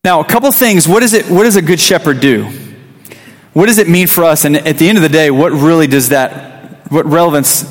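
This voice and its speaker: A man's voice: fairly high pitch, fairly quick, long reverb tail. A man in his thirties, a youth pastor, giving a conversational sermon with a personal story, restarting phrases and acting out quotes. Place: church sanctuary.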